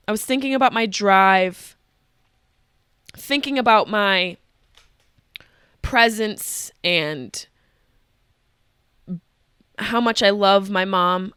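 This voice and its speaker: Bright, animated woman telling a profane comic story. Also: medium pitch, smooth, dry recording, studio quality. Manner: profane, animated, self-interrupting. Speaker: podcast host. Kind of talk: comedic storytelling monologue.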